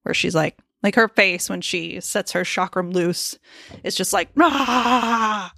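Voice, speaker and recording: Woman podcast co-host, casual jokey chat, gravelly tone, dry close sound. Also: on the low side, level tone, a little slow, fairly bright tone, no room sound. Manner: chatty and joking, lots of likes and swearing. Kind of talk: casual chat recapping a TV episode.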